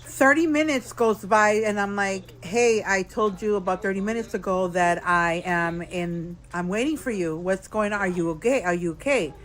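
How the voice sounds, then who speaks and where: A woman's voice: medium pitch, normal speed, few pauses, fairly bright tone, poor audio. A slightly tipsy woman telling a storytime vlog alone in a hotel room, frank and chatty, talking to viewers as girl and y'all, recorded on a phone camera. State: a little tipsy. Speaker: vlogger.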